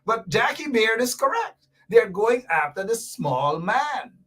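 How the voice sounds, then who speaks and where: A man with a high voice hosts a lively commentary show. He hammers his points home and repeats them, with sarcastic asides along the way. He sits a little away from the microphone. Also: measured pace, distant mic. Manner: emphatic, repetitive, sarcastic asides. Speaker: host. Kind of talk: animated political commentary show.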